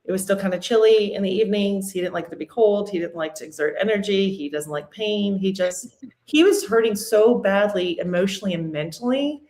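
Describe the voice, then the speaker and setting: A woman's voice: mid-range voice, brisk. A woman in her forties, a podcast guest, telling a painful personal story candidly and steadily. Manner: candid, steady even through hard memories. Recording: roomy echo.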